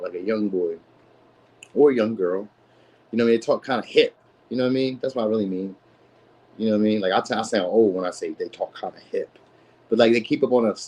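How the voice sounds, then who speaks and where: A man's voice: lowish voice, a little mellow, rough recording. A man who is a father, giving a casual live tarot reading in a slangy, rambling way. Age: adult, a father. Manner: slangy, rambling, lots of "you know what I mean". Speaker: tarot reader streamer.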